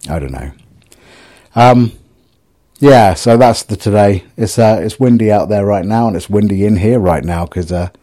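A man's voice: on the low side, normal speed, mellow. A middle-aged man, rambling in a casual solo video diary, self-mocking and sweary. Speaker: vlogger.

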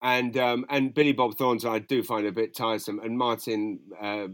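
A man's voice: mid-range voice, little pitch movement, moderate pace, a bit bright, dry recording. A man, co-hosting a casual chat and rambling through strong, profane opinions. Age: 40s. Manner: rambling, opinionated, swears freely. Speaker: podcast co-host.

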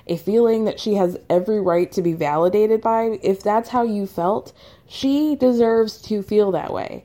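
A woman's voice: medium pitch, normal speed, dark tone. A woman casually recapping with profanity, chatty and opinionated, laughing as she retells.

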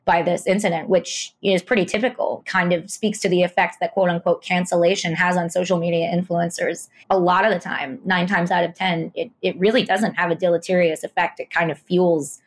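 Articulate woman reporter, measured and analytical. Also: fairly low pitch, little pitch movement. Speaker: podcast host and internet culture reporter. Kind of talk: conversational interview.

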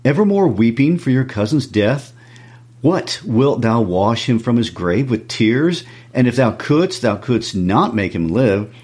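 A man reading the part of a stern, vengeful noble mother in a classroom read-aloud of a play, with a measured, stern delivery. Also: mid-range voice, big pitch swings, darkish tone, slightly rough.

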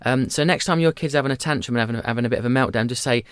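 In a clean, dry studio recording, a man in his thirties with a smooth, mid-range voice appears as a podcast guest. He chats candidly and tells stories quickly and animatedly, doing little voices for the characters.

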